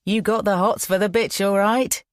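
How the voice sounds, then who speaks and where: A woman's voice: medium pitch, moderate pace, no echo, clean studio sound, voice pushed up, lightly acted. A woman voicing a menacing, leering male crime boss who taunts in slang.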